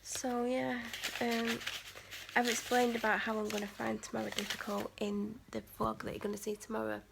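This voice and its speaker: Chatty woman with a very gravelly voice. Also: on the high side, flat delivery, normal speed, background noise. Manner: rambling, chatty, many "like" fillers. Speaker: vlogger. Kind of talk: casual vlog chat.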